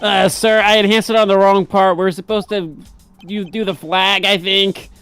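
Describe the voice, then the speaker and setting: A man's voice: sits high, flat delivery, moderate pace, a bit bright, clear, resonant tone, soft background music. A man voicing a loyal, confused male detective in an improvised game dub, talking hesitantly. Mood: flustered. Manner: hesitant, fumbling with fillers.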